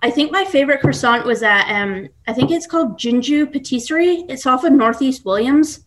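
A woman's voice: high voice, lively intonation, fairly quick, a bit bright. Chatty young woman, rambling and casual. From Scotland, raised in Texas. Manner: chatty, rambling with many fillers and restarts. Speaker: guest baker. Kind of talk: casual podcast interview. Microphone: computer mic at home.

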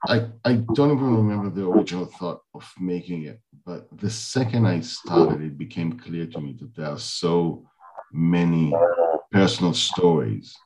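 Deep-voiced podcast host. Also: male voice, moderate pace. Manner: short listening sounds, relaxed. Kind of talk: casual interview. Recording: noisy recording.

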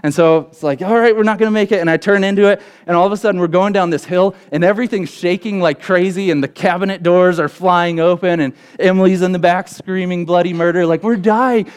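A young adult man, a pastor, preaching a sermon and telling a story with lively acted quotes. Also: smooth. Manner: storytelling with acted quotes, pitch jumping up in excited parts.

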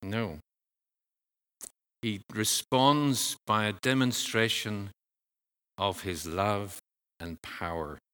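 Slow, bright-toned male preacher. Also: fairly low pitch, clean tone. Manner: measured, earnest preaching with pauses and restarts. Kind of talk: sermon.

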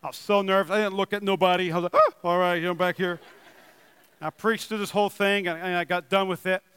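Young man, pastor, high bright tone, excitable sermon delivery, dry body mic with a long reverb tail. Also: quick pace, smooth. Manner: excitable, rising to loud emphatic bursts then easing into chatty storytelling. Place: church building. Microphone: wearing a microphone.

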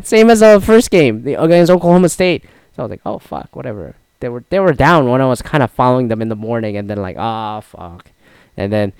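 Smooth-voiced man in rambling sports chat. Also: medium pitch, darkish tone, no echo. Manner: rambling, profane, frequent restarts. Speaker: podcast host. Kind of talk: casual solo sports chat.

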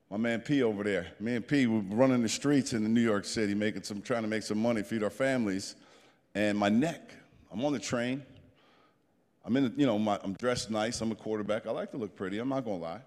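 A man in his fifties tells a story to a group in an animated, plain-spoken way. His voice sits fairly low. A long reverb of the meeting room trails each line. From New Jersey. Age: 50s. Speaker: guest speaker.

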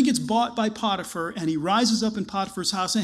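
A man's voice: sits high, brisk. A man preaching a conversational sermon, retelling a story and acting out the characters' words. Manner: conversational, animated storytelling with acted-out quotes. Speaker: pastor.

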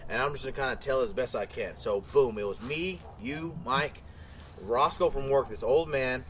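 A man's voice: mid-range voice, moderate pace, fairly bright tone, a little hiss or hum. A man hosting a casual podcast, telling a long story in a rambling way, swearing freely and a little tipsy. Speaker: podcast host. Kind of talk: casual chat.

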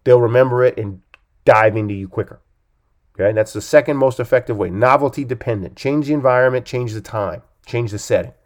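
A man who coaches, talking on a podcast in an emphatic way, with lively swings in pitch and loudness, often checking in with "okay?". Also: fairly quick. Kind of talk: podcast talk.

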